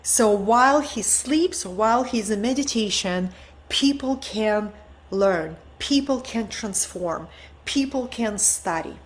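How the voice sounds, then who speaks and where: A woman's voice: mid-range voice, expressive, takes it slowly. A woman hosting an online teaching event, telling an inspiring story in an earnest way and often checking in with her listeners.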